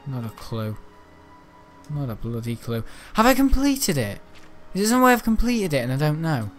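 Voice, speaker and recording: A man's voice: medium pitch, big pitch swings, a little slow, long pauses, soft background music. A man giving rambling, self-mocking commentary while playing a video game, often muttering to himself. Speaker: gaming video creator. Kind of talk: gameplay commentary.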